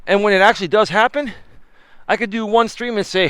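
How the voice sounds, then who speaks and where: Male life-coach host, casual live-stream talk, emphatic and chatty, smooth voice. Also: high-pitched, fairly quick, dry recording. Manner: animated, emphatic, talks to chat viewers. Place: walking outdoors with phone.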